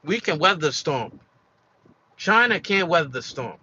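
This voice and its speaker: A man's voice: fairly high pitch, big pitch swings, normal speed, pushed and bright, highs cut off, a little hiss or hum. A man giving an emphatic opinion monologue for his video channel, repeating his points with many fillers and restarts. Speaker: commentary vlogger.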